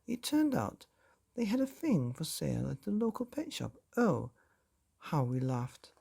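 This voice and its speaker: A man's voice: on the high side, huge pitch swings, measured pace, vocal fry, dark tone, breathy edge, full character voice. A man voicing a doting, apologetic middle-aged mother who chatters fussily. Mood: chattering. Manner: fussy, apologetic.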